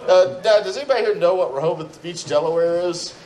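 A man's voice: high-pitched, fast talker, darkish tone, low-quality recording. A man on a live convention comedy panel, bantering and telling a profane, wry story to the audience.

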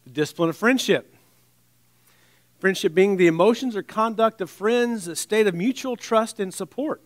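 A man preaching a sermon in a conversational way, with wry asides and restarts, dropping to a soft, low voice on scripture. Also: moderate pace, no echo.

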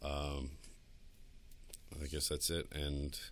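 A man's voice: rumbling low, monotone, very slow. A man co-hosting a podcast in a studio, talking crudely and boastfully with lots of laughter. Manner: profane, boastful, laughs a lot. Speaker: podcast co-host. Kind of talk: crude casual chat. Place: recording studio.

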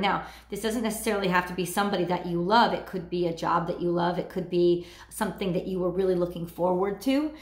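A woman doing a weekly tarot card reading, talking in a halting way and searching for her words. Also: on the low side, echoey room. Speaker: tarot reader.

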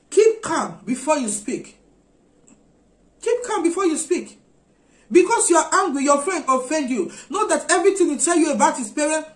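Earnest high-voiced woman preaching. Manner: earnest, repetitive exhortation. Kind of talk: sermon. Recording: echoey room.

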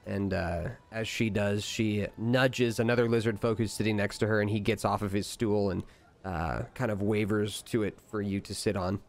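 A man narrating a tabletop game as game master, halting often with "uh" and "kinda". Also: on the low side, fairly even intonation, vocal fry.

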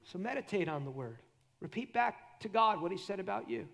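A middle-aged man preaching at a church conference. His voice sits high and has a gravelly fry to it. He preaches with animation and drops low and quiet when he acts out prayers. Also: sing-song, fairly quick. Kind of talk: sermon.

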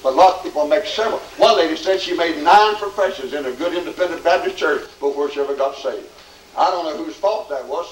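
Man, revival preacher, high voice, fervent, echoey distant recording, faint ambience. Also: slight background noise. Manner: fervent, swings from shouting to hushed. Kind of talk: revival tent sermon. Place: large tent meeting.

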